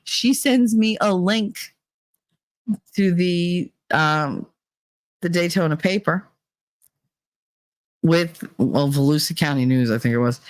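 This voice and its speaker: A woman with a deep voice, recorded with no echo, streams a casual chat while telling a story. She is animated and emotional, acting out quoted lines with feeling.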